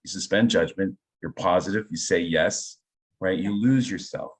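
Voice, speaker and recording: In a relaxed interview, a middle-aged improv teacher with a fairly low voice speaks enthusiastically at a moderate pace, building his points through personal stories. He frequently checks in with "right?" as he talks.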